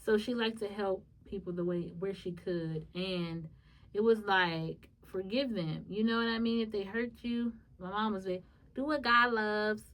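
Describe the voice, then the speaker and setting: A woman hosts a solo podcast in an open, conversational way, calling her audience y'all. Her voice sits at a middle pitch and moves from quiet, low musing to high, lively jumps. She sounds slightly distant from the microphone. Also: moderate pace. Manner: conversational, emotional, addresses listeners as y'all; swings between soft low musing and sudden high animated bursts. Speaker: podcast host. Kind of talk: solo podcast, personal storytelling.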